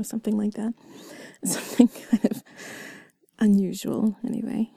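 Whispering woman in a gravelly, breathy whispered role-play. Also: medium pitch, mellow, dry recording, studio quality. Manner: intimate, giggly and self-deprecating, mostly whispered. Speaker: audio role-play creator.

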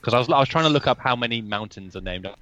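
A woman's voice: rumbling low, animated, very fast, muffled recording, crowd noise. A woman from England, a podcast guest, joking in a sweary, dry way. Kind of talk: casual comedy podcast chat.

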